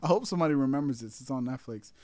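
A man's voice: mid-range voice, racing, a little mellow, dry recording. A man chatting casually, rambling and laughing often, acting out quotes as he tells a story. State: intoxicated. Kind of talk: casual chat.

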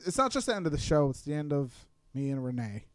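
A man's voice: fairly high pitch, sing-song, fast talker, no echo. Young male podcast cohost, rambling crude chat, dry close sound. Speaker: podcast co-host. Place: apartment room.

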